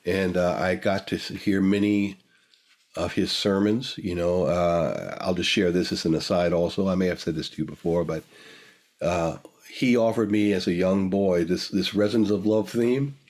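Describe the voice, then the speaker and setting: A man's voice: low voice, steady tone, moderate pace, darkish tone. An older man, a guest, telling a personal story in a reflective, emotional way, repeating phrases for emphasis.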